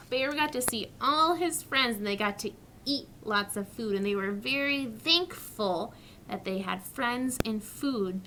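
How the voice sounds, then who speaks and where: A woman teacher reading a story to young children, asking questions and modelling sounds slowly and clearly. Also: a little high, pushed and bright, a little hiss or hum. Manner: slow, clearly articulated, questioning.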